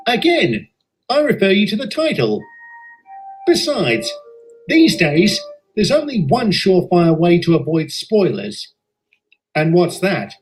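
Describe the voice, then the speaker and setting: A man doing a calm, sensible engine. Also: high voice, exaggerated voice, poor audio.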